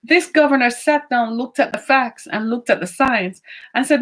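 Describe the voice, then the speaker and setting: Emphatic woman commentator, high voice. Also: moderate pace, fairly bright tone. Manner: emphatic, rhetorical questions, pitch jumps for emphasis. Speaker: political commentator. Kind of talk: opinionated commentary monologue.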